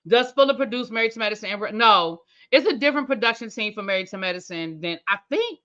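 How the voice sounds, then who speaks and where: A woman hosts a TV review channel, recapping an episode in loose, chatty talk. She thinks aloud and speaks straight to her viewers, in a bright, forward voice. The sound is dull and lo-fi. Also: mid-range voice, animated, fast. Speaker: TV review host. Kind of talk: casual recap chat.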